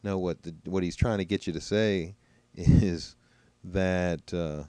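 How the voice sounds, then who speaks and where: A man talks through his commentary in a loose, conversational way, pausing to muse. His voice is very deep and mellow, smooth and resonant. The recording is close and dry, with no room sound. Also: steady tone, no room sound. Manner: conversational, musing, mocking imitations. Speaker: commentator reacting to trial footage. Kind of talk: casual commentary over clips.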